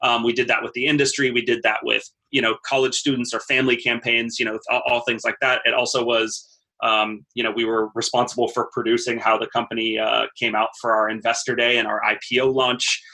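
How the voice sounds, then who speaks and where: A man in his thirties tells his story as a podcast guest in an easygoing, conversational way. His voice is bright and forward, yet his pitch stays almost level. He often doubles up words while he thinks. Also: flat delivery, brisk. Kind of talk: casual interview talk.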